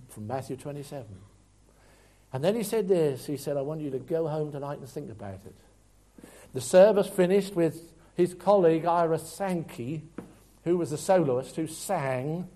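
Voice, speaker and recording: A man preaching a sermon earnestly, rising to loud emphasis and dropping to quiet asides. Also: a little high, normal speed.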